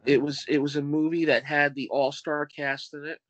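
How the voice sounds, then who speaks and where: A man guesting on a film podcast, talking deliberately and reeling off cast names and film facts. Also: on the high side, little pitch movement, fairly bright tone, dry recording, lo-fi sound. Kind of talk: casual film chat.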